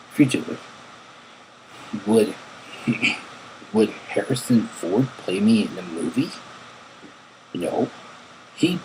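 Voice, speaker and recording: A man voicing a surly, boastful male cartoon rock bassist stuck in prison, reading his lines from an interview aloud in a blunt, grumbling way. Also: darkish tone, slight background noise, poor audio.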